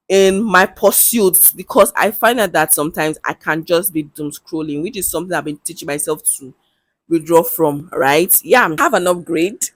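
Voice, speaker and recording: A woman's voice: fairly low pitch, moderate pace, dry recording. Chatty young Nigerian woman vlogging. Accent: Nigerian English. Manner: chatty and candid, with bursts of laughter and local slang. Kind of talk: casual talk to camera.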